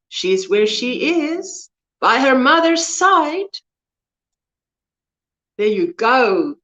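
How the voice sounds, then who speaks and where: A woman's voice: fairly high pitch, fairly bright tone. A South African woman, native Afrikaans speaker, hosting a crochet livestream, chatting casually and rambling as she reads out viewer comments. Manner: chatty, rambling, loses words mid-sentence.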